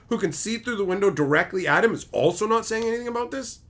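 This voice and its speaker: Male streamer, middle-aged, loose profane rants to chat, bright forceful voice. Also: high-pitched, quick pace, hardly any pauses. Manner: animated, swears often, mocks logic gaps. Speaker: livestream host reading chat. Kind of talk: casual livestream chat.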